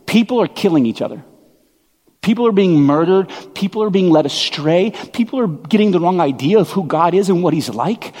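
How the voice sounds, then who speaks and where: A man in his thirties preaching a sermon, telling stories in a conversational, animated way with quick asides. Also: high-pitched. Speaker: pastor. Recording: long hall reverb.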